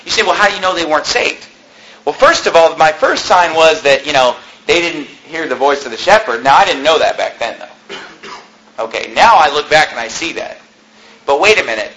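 A man's voice: a little high, expressive, normal speed, pushed and bright, slight background noise, poor audio. A man preaching by telling a story, conversational and wry, tossing in "you know" and "okay?" as he goes. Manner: wry, joking asides. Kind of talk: sermon storytelling.

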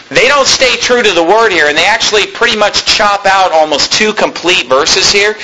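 Guy preaching a sermon, high bright voice, reads bible verses then explains. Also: slight background noise, poor audio. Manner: preaching, reading scripture aloud between plain explanations. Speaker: pastor.

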